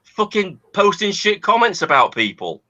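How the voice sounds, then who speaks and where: A man's voice: high-pitched, very animated, moderate pace, sharp tone, dull audio. A man angrily arguing on a video call, swearing and talking over the other person. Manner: angry, swearing, interrupting. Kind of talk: heated online argument.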